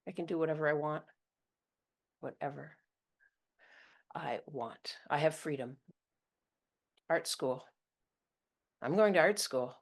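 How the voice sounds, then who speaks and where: A woman's voice: sits low, normal speed, pauses often. A woman narrating her own first-person serial story in a blunt, intimate, confessional manner.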